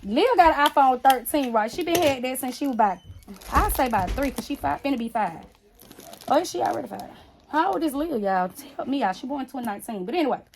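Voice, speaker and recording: Casual woman vlogger with a high voice, blunt and chatty, narrating her craft work to viewers. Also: expressive, quick pace, slight background noise. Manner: rambling, talks straight to viewers with frequent "y'all"; blunt, sassy asides. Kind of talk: casual chat while working on a basket.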